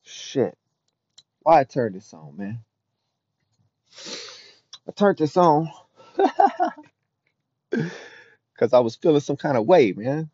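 A man's voice: lively intonation, unhurried, long pauses, dark tone, slightly rough, no echo. Profane emotional man, lo-fi and dry. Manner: emotional, profane, rambling, often murmuring low. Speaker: podcast host. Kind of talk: raw confessional monologue. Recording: dull dry lo-fi recording.

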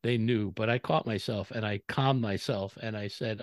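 Loud, emphatic male podcast co-host. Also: fairly low pitch, fairly even intonation, normal speed, hardly any pauses, no room sound. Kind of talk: casual chat and storytelling.

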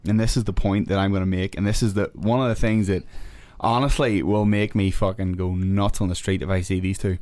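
A man's voice: low voice, steady tone, brisk, hardly any pauses, darkish tone, dry recording. A man with a Northern Irish accent, a fighter guest on a podcast, ranting heatedly and swearing a lot. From Northern Ireland. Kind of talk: casual podcast chat.

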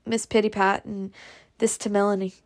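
A woman voicing a calm, kindly Southern gentleman near seventy, soft and reassuring in manner. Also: mid-range voice, moderate pace, natural voice.

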